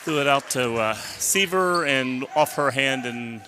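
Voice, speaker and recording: A man's voice: medium pitch, unhurried, a crowd in the background, noisy background. Breathless man calling a basketball game. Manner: breathless, rising excitement on big plays. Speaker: play-by-play announcer. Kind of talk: local sports commentary. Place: high school gym.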